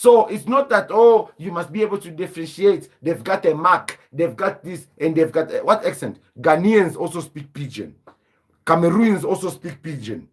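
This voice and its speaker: A man's voice: on the high side, expressive, moderate pace, slightly rough. A man hosting a live stream, lecturing in a combative, repetitive rant. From southern Africa. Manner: combative, lecturing, repeats himself for emphasis.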